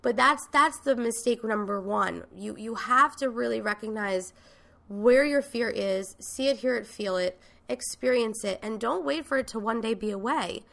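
A woman hosting a podcast gives a motivational talk in a frank, emphatic way, with casual swearing. Her voice is bright and forward, with a gravelly, creaky texture. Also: on the high side, moderate pace. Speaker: podcast host and coach.

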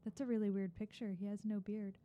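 A woman's voice: mid-range voice, little pitch movement, fairly quick, mellow, a little hiss or hum. A young woman co-hosting a casual chat, frank and opinionated with a teasing edge. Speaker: podcast co-host.

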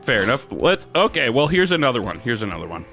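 A man's voice: mid-range voice, very animated, fast talker, sharp tone, faint music behind. A man from Wisconsin co-hosting a podcast and telling crude gaming jokes, now and then putting on silly voices. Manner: crude joke-teller, slips into silly character voices. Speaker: podcast co-host. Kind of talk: casual joke-telling chat.

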